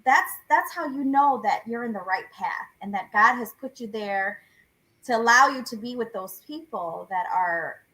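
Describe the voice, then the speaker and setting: Lively woman host on a podcast, high pitched, laughs a lot. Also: poor audio. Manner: animated, laughs often, quick asides. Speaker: podcast host and salon owner. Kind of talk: casual podcast chat.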